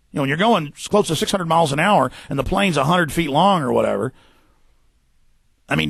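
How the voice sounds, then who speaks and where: A man hosting a radio talk show, ranting fast and forcefully, tripping over repeated words. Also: on the high side, vocal fry, no room sound. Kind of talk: heated radio monologue. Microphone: studio microphone.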